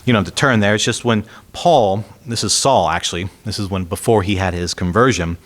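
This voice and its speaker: A man's voice: on the low side, brisk. A man preaching a sermon in a conversational way, reading scripture aloud with emphasis and putting rhetorical questions to the congregation. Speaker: pastor.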